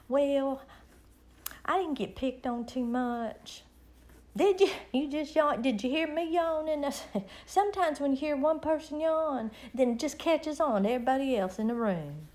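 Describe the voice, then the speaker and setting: A middle-aged woman talks with her viewers in a rambling, folksy way. Her voice sits a little on the high side. She drifts from one small story to the next as she hosts her live stream. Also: darkish tone. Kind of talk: casual chat with viewers.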